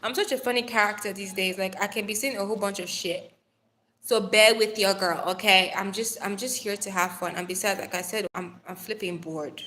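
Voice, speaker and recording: A woman's voice: mid-range voice, fairly even intonation, brisk, bright, forceful tone, slight background noise. A young woman hosting a casual live stream from her phone, bubbly and playful, chatting with viewers, calling them darling and swearing now and then. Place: Nigeria.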